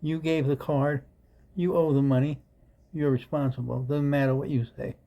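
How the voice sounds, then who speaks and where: Scornful man with a dark voice. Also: medium pitch, flat delivery, normal speed, rough recording. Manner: scornful, insulting. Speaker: commentator mocking the clip. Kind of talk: sarcastic commentary.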